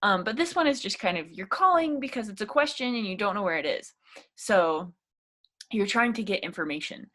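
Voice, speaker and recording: A woman's voice: medium pitch, expressive, a little fast, fairly bright tone. A young woman teaching a casual English speaking lesson, chatty and encouraging, with plenty of fillers.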